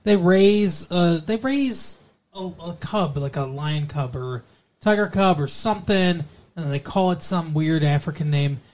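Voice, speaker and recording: A man's voice: a little high, measured pace, darkish tone. A man hosting a podcast, chatting casually and playfully with his co-host and joking around. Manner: jokey, playful, repeats intros in a mock radio-DJ voice.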